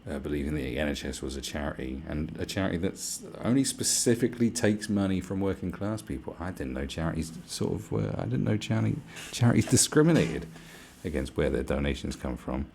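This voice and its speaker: Deep-voiced streamer with a gravelly edge who swears constantly and mutters in exasperated commentary. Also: male voice, animated, fairly quick, a little mellow, a little hiss or hum. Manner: profane, exasperated, muttering to himself. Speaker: live stream host. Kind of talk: ranting live-stream commentary.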